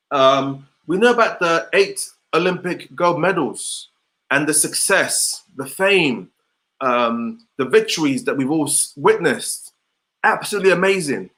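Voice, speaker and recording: A man leads an online motivational session by video call, firing repeated rhetorical questions at his listeners. His voice is on the high side, with a bright, forceful tone.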